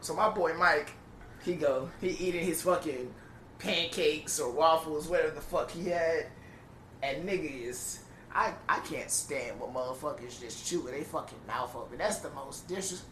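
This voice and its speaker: A young man telling a profane, animated story in a casual podcast chat. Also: on the high side, moderate pace. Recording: echoey room, distant mic, faint noise.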